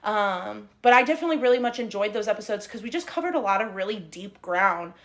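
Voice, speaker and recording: A young woman from the Middle East co-hosting a podcast in a casual, chatty way, with lots of fillers and quick laughs. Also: medium pitch, lively intonation, fairly bright tone. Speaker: podcast co-host. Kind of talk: casual chat. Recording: live stream, recorded together in a car.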